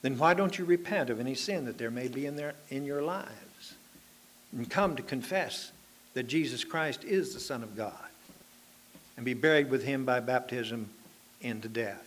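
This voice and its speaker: A man preaching a sermon in an earnest way, lifting his voice for emphasis and dropping it low and quiet when he appeals to his listeners. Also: moderate pace.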